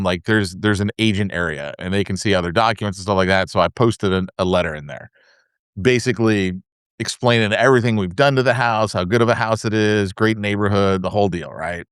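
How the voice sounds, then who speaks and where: A man's voice: fairly low pitch, clear, resonant tone, no room sound, studio quality. A man co-hosting a podcast, telling casual anecdotes full of fillers and asides. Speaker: podcast co-host. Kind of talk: casual chat.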